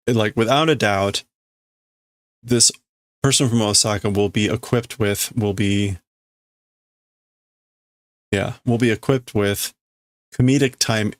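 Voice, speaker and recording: A man's voice: on the low side, dry recording. A man on a casual live stream, translating a manga aloud as he goes, hesitant and correcting himself as he works things out. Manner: hesitant, thinks aloud with restarts and self-corrections. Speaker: livestreamer.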